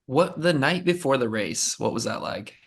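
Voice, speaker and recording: A man co-hosting a casual podcast, asking relaxed questions with joking asides. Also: medium pitch, normal speed, slightly rough. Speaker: podcast co-host.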